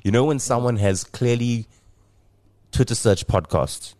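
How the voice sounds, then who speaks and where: A man's voice: medium pitch, a little slow, darkish tone, dry recording. A man hosting a podcast, telling a story in playful, boastful casual chat with a lot of laughter. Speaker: podcast host.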